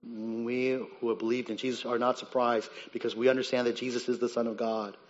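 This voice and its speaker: A man preaching a sermon as pastor, earnest and emphatic, rising on key points and dropping low and quiet on others. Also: flat delivery, fairly quick, big-room sound, muffled recording.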